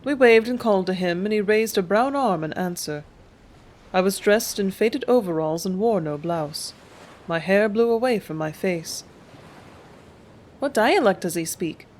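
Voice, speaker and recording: Steady audiobook narrator. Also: mid-range voice, normal speed. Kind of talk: audiobook reading.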